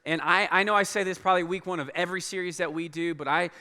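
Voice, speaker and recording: A man speaking as a pastor to his church in a large auditorium, earnest and halting, with many restarts. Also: high-pitched, steady tone, pushed and bright, smooth. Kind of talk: church announcement and sermon. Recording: long hall reverb.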